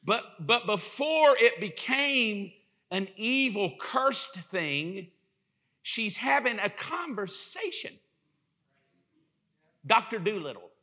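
A male preacher with a high, ringing voice delivers a lively sermon. His tone is intensely bright and sharp-edged. He jokes and acts out small scenes as he goes. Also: slow. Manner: animated, joking storyteller who acts out quotes. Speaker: pastor.

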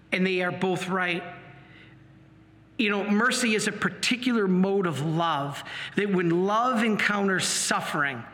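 A man, a priest, preaching a sermon in an earnest, animated way. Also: high voice. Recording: long hall reverb.

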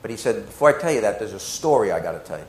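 A man preaching a sermon, telling stories with swings between hushed and loud delivery. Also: on the low side, very animated, racing, roomy sound, poor audio. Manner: emotional, dramatic storytelling with swings from hushed to loud. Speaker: pastor.

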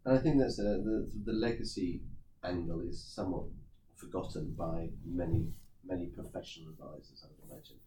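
Deep-voiced podcast host, echoey room. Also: male voice, a little fast, dark tone. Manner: affirming, conversational. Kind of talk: podcast interview. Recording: echoey room with faint noise.

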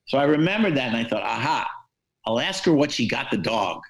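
A man's voice: mid-range voice, big pitch swings, fairly quick, poor audio. An older American man, a sportswriter, telling wry, self-deprecating stories with many fillers in a podcast interview. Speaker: sportswriter guest.

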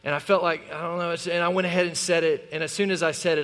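High-voiced animated male preacher. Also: quick pace. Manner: animated preaching, acts out God's lines. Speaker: pastor. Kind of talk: sermon. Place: church sanctuary. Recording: long reverb of a large hall.

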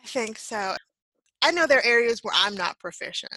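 A woman guest telling stories in a casual chat, animated and self-deprecating, laughing often as she acts out what people said. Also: a little high, a little fast, no room sound, rough recording. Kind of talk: casual storytelling in conversation.

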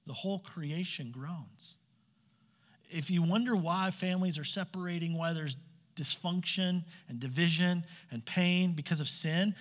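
A man preaching a sermon, asking his listeners direct questions and acting out quoted voices. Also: fairly high pitch. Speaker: pastor. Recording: long hall reverb.

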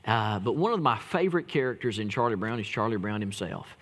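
A man's voice: fairly low pitch, animated, fairly quick, a bit bright, long reverb tail. A man preaching a sermon as pastor, telling folksy jokes and stories with emphatic delivery. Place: church.

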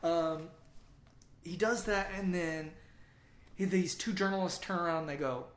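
Easygoing male co-host, slightly high, echoey room with faint hiss. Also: steady tone, measured pace. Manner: easygoing, chiming in with short agreements. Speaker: podcast co-host. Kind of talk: casual sports podcast chat.

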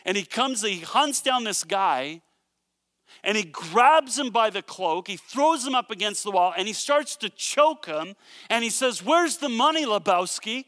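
A man preaches, retelling a parable in a lively storytelling way and dropping joking asides along the way. His voice sits high for a man and sounds bright and forceful. The sound is close and dry, with no room echo. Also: unhurried. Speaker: pastor. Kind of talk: sermon.

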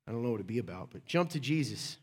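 A man preaching a sermon in a casual, conversational way, joking with people in the room by name and swinging between loud and hushed. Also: mid-range voice, animated, fast talker, breathy edge. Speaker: pastor.

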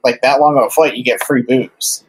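A man's voice: medium pitch, steady tone, moderate pace, slight background noise, low-quality recording. Rambling casual-talking man. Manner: rambling, many fillers. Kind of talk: casual chat.

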